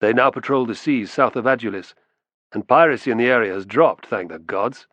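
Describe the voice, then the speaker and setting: A man's voice: mid-range voice, fairly quick, fairly bright tone, dry recording, highs cut off, lightly acted. A man voicing a wealthy, shrewd older beast trader who speaks in a smug, sonorous way. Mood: smug, probing.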